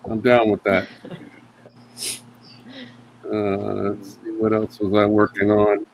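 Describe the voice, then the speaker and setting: A man doing a casual stand-up set at a comedy round table, with many fillers and sudden high put-on voices for his bits. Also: completely flat delivery, takes it slowly, creaky, darkish tone, a little hiss or hum, rough recording.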